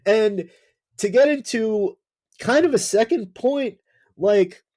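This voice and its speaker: Joking American man, higher voice. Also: lively intonation, slow pace, a little mellow. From United States. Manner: joking, teasing. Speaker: podcast host. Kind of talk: casual interview chat.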